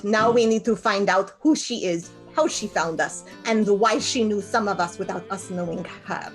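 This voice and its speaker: A woman's voice: mid-range voice, normal speed, hardly any pauses, soft background music. Woman speaking formally as a player. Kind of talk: in-character tabletop play.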